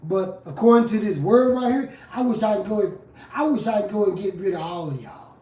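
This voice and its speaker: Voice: expressive, fairly quick. Fiery preacher, echoey and distant. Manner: fiery and confrontational, swinging from low scripture reading to loud outbursts. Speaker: street preacher and rap artist. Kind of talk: impassioned live preaching on scripture. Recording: roomy echo from a distant mic.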